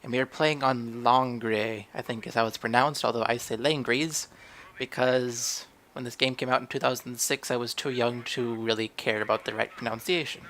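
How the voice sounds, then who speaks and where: Bright-voiced young man doing game commentary. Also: medium pitch, little pitch movement, a little fast, hardly any pauses. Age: young adult. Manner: casual, rambling, self-questioning. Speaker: gaming channel host. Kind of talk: gameplay commentary.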